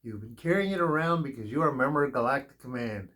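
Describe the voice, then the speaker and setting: A man's voice: medium pitch, lively intonation, fast talker, fairly bright tone. Earnest rambling man reading tarot. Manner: rambling, earnest, advice-giving storyteller. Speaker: tarot reader. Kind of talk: spiritual tarot reading monologue.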